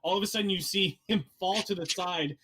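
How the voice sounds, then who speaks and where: A man narrating a tabletop game as game master, halting often with ums and likes as he describes scenes. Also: high-pitched, pushed and bright, husky.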